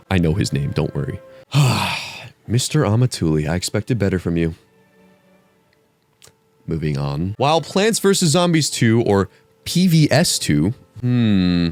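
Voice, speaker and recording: A young man mock-grading an essay in a profane, theatrical comedic rant, his voice jumping very high when excited. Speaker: comedy YouTuber.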